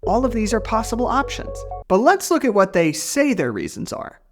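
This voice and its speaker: A man's voice: high voice, huge pitch swings, moderate pace, faint music behind. Sarcastic, playful male video host. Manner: sarcastic and playful, with jokey asides. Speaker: host of a personal finance video series. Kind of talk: scripted comedic explainer.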